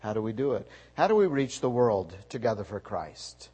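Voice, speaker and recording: A man preaching a sermon as a pastor, emphatic, his voice swelling louder on key words. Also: fairly low pitch, big pitch swings, normal speed, breathy edge, rough recording.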